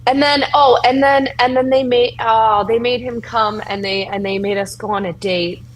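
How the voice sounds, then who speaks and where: A woman voicing a shy young female champion of a death goddess in a tabletop role-play, speaking haltingly with many restarts. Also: fairly high pitch, fairly even intonation, voice pushed up, natural voice, poor audio.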